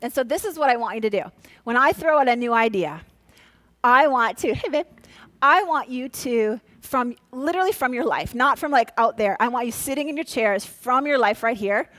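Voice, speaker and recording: A woman from Minnesota giving a lively motivational talk, coaching her audience and calling out to them. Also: fairly high pitch, moderate pace, dry recording. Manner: energetic, coaxing, leads the crowd in call-and-response; drops to a hushed, soft voice for a quiet exercise. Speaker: speaker.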